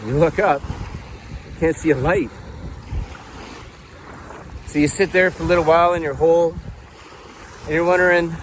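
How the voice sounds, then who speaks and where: A man telling a story in a low-key, soft-spoken way while out on a walk by a lake. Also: fairly even intonation, moderate pace, long pauses, slight background noise, poor audio. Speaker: peer support vlogger. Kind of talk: storytelling to camera. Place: outdoors by a lake.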